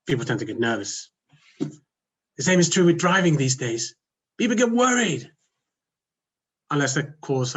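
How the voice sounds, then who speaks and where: A husky-voiced man with a Swedish accent delivers a humorous contest speech through a video call. His humor is dry and self-mocking, with a rough edge to his tone. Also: mid-range voice, fairly bright tone. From Sweden. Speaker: contest speaker.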